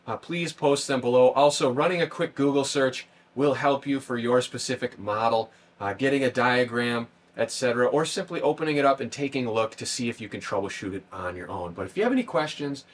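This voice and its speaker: A man's voice: medium pitch, brisk. A man hosting a how-to channel, talking through a car repair in a casual, step-by-step way, outdoors by a parked car. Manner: plain, step-by-step explaining. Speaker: host of a how-to video channel.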